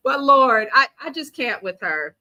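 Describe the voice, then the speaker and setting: A woman hosting a casual live-stream recap of a reality show, talking in an animated, sassy way and reading out viewer comments. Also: sits high.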